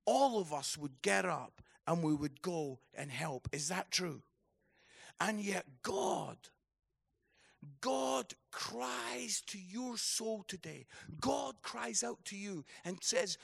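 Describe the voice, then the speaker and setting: A man's voice: sits high, lively intonation, takes it slowly, gravelly, slightly rough. A Scottish man preaching a passionate sermon at a conference, emphatic and repeating his key phrases.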